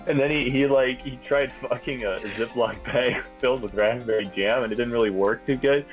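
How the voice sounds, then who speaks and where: A man's voice: mid-range voice, normal speed, muffled recording, music in the background. A man telling rambling, laughing anecdotes in a casual chat among friends. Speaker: guest on a gaming stream.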